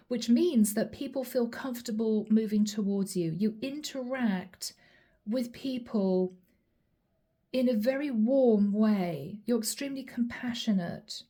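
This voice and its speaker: A woman reading tarot cards aloud in a mellow, fairly high voice. She talks emphatically, repeats her key points and drops into quick asides that voice the listener's thoughts. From Europe. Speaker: tarot reader.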